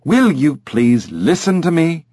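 A man voicing a haughty, indignant male African gray parrot with a British accent, speaking slowly and emphatically. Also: medium pitch, big pitch swings, husky, no echo, clean studio sound. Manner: pompous, emphatic, slow and precise.

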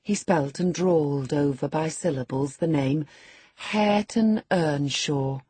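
A proud, teasing young lady recounts her evening with lively scorn, as a woman reads her in an audiobook. The voice sits low and mellow with a very breathy, husky grain, close and dry. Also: normal speed, no room sound. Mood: animated.

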